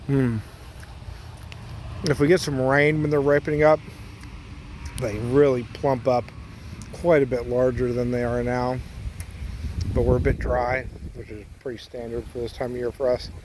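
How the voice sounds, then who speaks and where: A man giving a casual outdoor garden vlog among his fruit trees, chatty and relaxed, sometimes talking around a mouthful of berries. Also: mid-range voice, moderate pace, pauses often. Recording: outdoor noise with chickens and a rooster.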